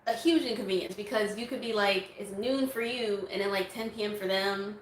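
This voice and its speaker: A woman's voice: medium pitch, brisk, echoey room, slight background noise, low-quality recording. A woman vlogger answering viewer questions in a casual, chatty way, laughing often. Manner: chatty, laughs often, breaks into song snippets. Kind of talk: casual Q&A chat.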